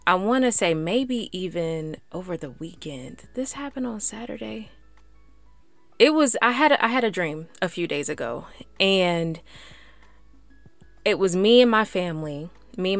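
Excited chatty woman podcast host. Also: fairly low pitch, measured pace, no echo, soft background music. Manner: excited, chatty, lots of "like" and "y'all". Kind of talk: casual faith podcast chat.

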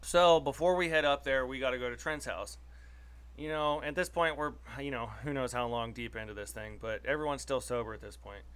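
A man's voice: mid-range voice, a little fast, fairly bright tone, clear, resonant tone. A man co-hosting a casual podcast, telling a story in a rambling way with many restarts. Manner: rambling, full of restarts and fillers. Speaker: podcast co-host.

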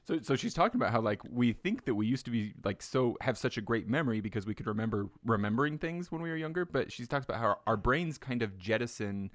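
A man's voice: mid-range voice, animated, fast talker, hardly any pauses, dry recording, clean studio sound. A man hosting a podcast in casual chat, thinking aloud and often restarting his sentences. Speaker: podcast host.

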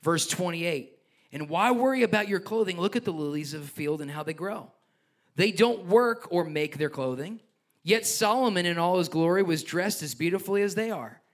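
Here the pastor's voice sits high, with lively intonation at a normal speed. He preaches passionately, reads passages of scripture, and tosses joking asides to the congregation.

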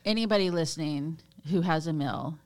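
Low-voiced woman podcast co-host. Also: normal speed. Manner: explanatory, thinking aloud with many restarts. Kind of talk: casual podcast chat.

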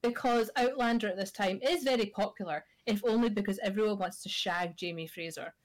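A Scottish woman in her thirties, medium-pitched and brisk, co-hosts a podcast. In casual chat she tells a wry story full of swearing.

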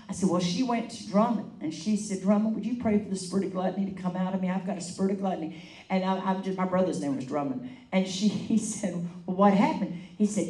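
A woman evangelist telling a story in a sermon, animated and laughing as she acts out the quotes. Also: medium pitch, fairly quick. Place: meeting hall. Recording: echoey room, mic at a distance.

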